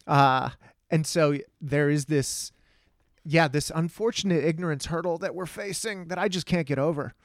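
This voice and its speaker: A man's voice: fairly high pitch, normal speed, no echo, studio quality. A middle-aged man from Texas, a stand-up comedian telling stories in casual conversation, blunt and profane, acting out the voices of the people he quotes. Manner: animated storyteller who acts out quoted voices, blunt and profane.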